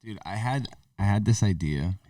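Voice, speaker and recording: Deep-voiced relaxed man co-hosting. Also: normal speed, dry recording, clean studio sound, far from the mic. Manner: relaxed storytelling, playful. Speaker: podcast co-host. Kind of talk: casual chat.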